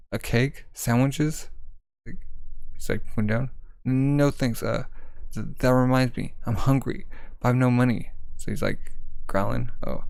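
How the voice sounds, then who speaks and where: A man's voice: mid-range voice, creaky, darkish tone, no echo, low-quality recording. A man casually reading a manga aloud, describing the panels and voicing the characters' lines in his own voice. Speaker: manga reader.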